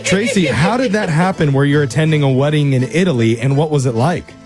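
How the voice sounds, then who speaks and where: A man hosting a radio quiz segment, teasing the players and reading questions briskly. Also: fairly high pitch, lively intonation, music in the background. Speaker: radio show host running a quiz game. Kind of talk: upbeat radio banter. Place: radio studio.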